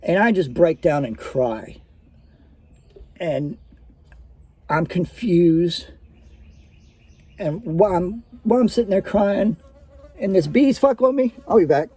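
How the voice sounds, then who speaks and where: A man's voice: high voice, expressive, takes it slowly, long pauses, darkish tone, husky, dry recording. A man casually telling a personal story in a rambling, conversational way, with many fillers.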